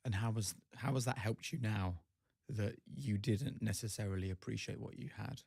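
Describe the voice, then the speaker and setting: Easygoing guy hosting a podcast, husky low voice, dry close mic. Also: normal speed, darkish tone, no room sound. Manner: easygoing, with short agreeing replies. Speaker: podcast host. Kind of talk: conversational interviewing.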